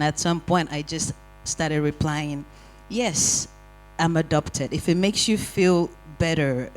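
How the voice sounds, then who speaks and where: A panel speaker telling lively, wry personal stories in a discussion. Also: medium pitch, low-quality recording. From Nigeria. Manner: animated, wry storytelling with acted-out quotes. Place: community hall panel.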